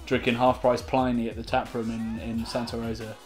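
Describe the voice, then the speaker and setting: A man in his thirties chats in a quick, enthusiastic way, his voice sitting at an ordinary middle pitch. Faint music plays softly behind him. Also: little pitch movement. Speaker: co-host of a beer channel. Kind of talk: casual chat.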